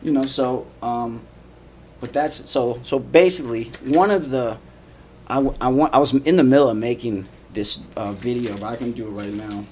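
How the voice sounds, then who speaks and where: A man's voice: mid-range voice, moderate pace, a little mellow, slight background noise. A man and father of three talking casually on a livestream, rambling, repeating himself, swearing and laughing. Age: adult father. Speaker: live streamer.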